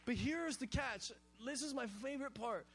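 A man from Hawaii preaching a sermon in a casual, animated, conversational way, full of slang. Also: very high-pitched, moderate pace, over music. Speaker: pastor.

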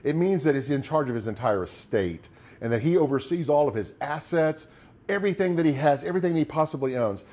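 A man's voice: on the high side, lively intonation, a little fast, darkish tone. A middle-aged man preaching a sermon as pastor, talking conversationally and acting out quoted lines of despair.

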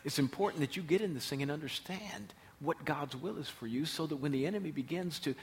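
A man's voice: a little high, quick pace, a little hiss or hum. A man preaching a sermon as pastor, emphatic and repeating his key phrases.

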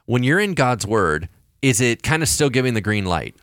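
A man who is a pastor and podcast co-host, telling stories in a casual, animated way, acting out quoted voices. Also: mid-range voice, moderate pace, no echo, studio quality. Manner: animated storyteller, acts out quoted voices, frequent restarts.

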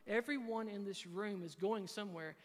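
Youth pastor, male, high-pitched, earnest sermon delivery, echoey church hall. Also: moderate pace. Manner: earnest, quotes scripture, frequent fillers. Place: church sanctuary.

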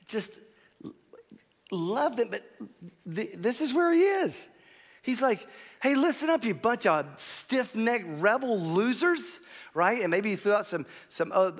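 A man preaching a sermon as pastor, animated, swinging from quiet asides to loud emphasis. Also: high-pitched, in a large hall.

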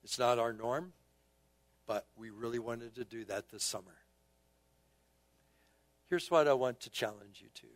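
A male pastor preaching a sermon and leading the congregation in repeated call-and-response prayers, moving between quiet, soft phrases and emphatic bursts. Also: mid-range voice, a little slow, pauses often, no echo.

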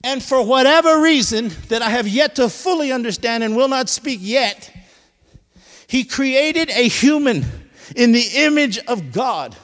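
A man preaches with a strikingly high, ringing voice. He swings from shouted climaxes down to hushed asides. His sermon carries a long reverb tail from a big church hall. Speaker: pastor.

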